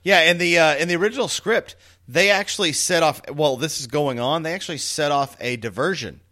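A man co-hosting a casual movie podcast, telling animated, jokey stories. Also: fairly high pitch, fairly quick. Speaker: podcast co-host. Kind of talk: casual chat about a movie.

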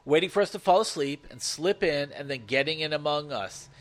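A man narrating a first-person horror story, swearing freely and telling it with animated energy. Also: fairly high pitch, fairly quick.

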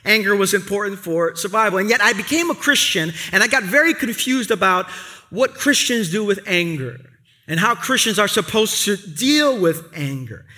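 High bright-voiced New pastor. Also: male voice, normal speed. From Brooklyn, New York. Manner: lively conversational storytelling. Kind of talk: sermon. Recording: long reverb of a large hall.

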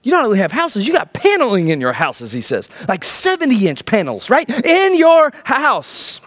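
Animated high-voiced male preacher. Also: a little fast. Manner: animated preaching, rhetorical questions, sudden drops to low emphatic tones. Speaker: pastor. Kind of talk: sermon.

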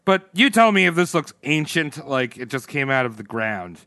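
A man's voice: fairly high pitch, big pitch swings, normal speed, pushed and bright, no room sound. A man hosting a podcast, telling a history story in loose, jokey casual chat, laughing and swearing often. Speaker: podcast host.

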